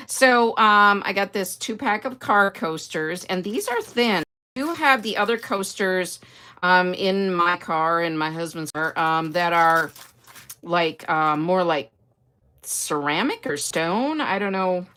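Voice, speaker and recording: Chatty woman hosting a slow live stream. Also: fairly low pitch, sharp tone. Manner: chatty, greeting viewers by name, often trailing off with fillers. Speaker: livestream host. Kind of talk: casual live-stream chat.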